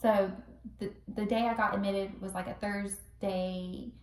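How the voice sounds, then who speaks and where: A young woman casually telling a personal story to the camera, chatty and animated, acting out what people said. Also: mid-range voice, measured pace. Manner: chatty, animated, acts out quotes with laughs. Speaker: vlogger telling her birth story. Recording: roomy echo, recorded from a distance.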